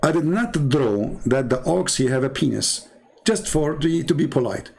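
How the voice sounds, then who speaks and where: Gravelly, husky man mocking while drawing. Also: fairly high pitch, animated, a little mellow. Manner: sarcastic, halting, many fillers and restarts. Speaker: commentator.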